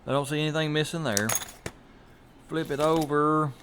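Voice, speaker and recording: A folksy man talks through his work in a casual garage vlog, his voice sitting a little high for a man. He thinks aloud in a relaxed drawl and chuckles at his own mishaps. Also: normal speed, very noisy. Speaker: garage channel host.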